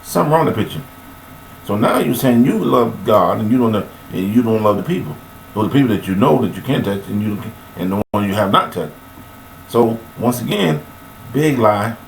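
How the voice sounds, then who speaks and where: Gravelly man preaching in an echoey room. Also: expressive, brisk, slight background noise. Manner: preachy, rambling, with sudden high-pitched emphatic outbursts. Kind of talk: rambling spoken monologue on faith and forgiveness. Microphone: webcam.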